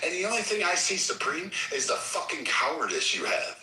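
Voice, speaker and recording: A man rants in a profane, aggressive tirade, his voice sharp and cutting. He sounds set back from the mic, in an echoey space. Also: fairly high pitch, big pitch swings, fairly quick, recorded from a distance, slight background noise. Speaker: host. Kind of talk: heated political argument on a live audio app.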